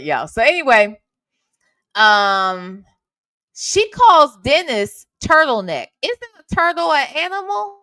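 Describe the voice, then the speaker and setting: A woman's voice: mid-range voice, expressive, moderate pace, sharp tone, no room sound, studio quality. A woman hosting a casual livestream from home, chatting with her viewers and swearing casually into a desk microphone. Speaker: reaction channel host.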